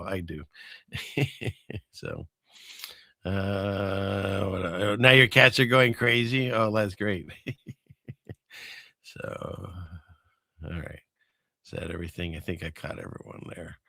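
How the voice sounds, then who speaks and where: A man's voice: low voice, takes it slowly, creaky, long pauses, bright, forceful tone, dry recording, clean studio sound. A man hosting a casual livestream, rambling through viewer comments and chuckling often between remarks. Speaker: livestream host.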